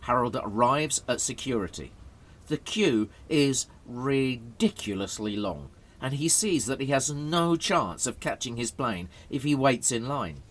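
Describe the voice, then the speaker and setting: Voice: mid-range voice, animated, measured pace. A narrator reading a graded story aloud for English learners, telling it dramatically.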